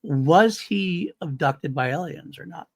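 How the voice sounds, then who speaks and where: Enthusiastic male co-host, gravelly, animated delivery. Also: on the high side, dry recording. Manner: enthusiastic, quick to agree. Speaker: podcast co-host. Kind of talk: casual movie chat.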